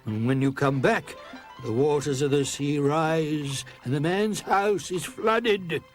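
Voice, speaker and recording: A man's voice: fairly high pitch, slow, faint music behind. A man voicing the eldest magician, commanding. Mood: stern. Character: old wise, commanding male magician.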